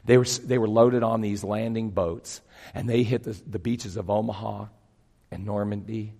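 A man in his fifties preaching a sermon, telling stories with acted-out voices and swinging between loud bursts and hushed lines. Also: lowish voice, normal speed, gravelly. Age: 50s. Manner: animated storytelling, acting out voices, big swings from loud to hushed. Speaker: pastor. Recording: long hall reverb.

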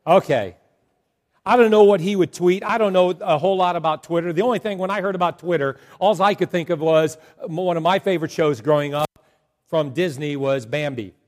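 A man preaching a sermon to a congregation, telling jokes and animated stories. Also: fairly high pitch, fairly quick. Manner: joking, animated storytelling to a congregation. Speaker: pastor.

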